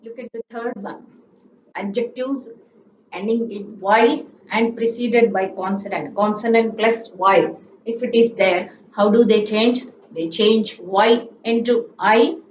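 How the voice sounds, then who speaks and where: Lady teacher going slow thru grammar drills, dull muffled audio, faint hiss. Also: medium pitch. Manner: spells out letters and drills word forms, asks "isn't it?". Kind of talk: slow classroom-style grammar lesson. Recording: echoey room, distant mic, dull sound, faint hiss.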